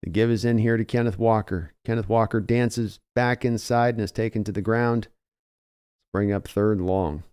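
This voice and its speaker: A man's voice: on the low side, steady tone, moderate pace, darkish tone, clear, resonant tone. A man giving fan play-by-play commentary on a live game, talking conversationally with his early morning voice and climbing in energy when a big play breaks. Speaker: live reaction host.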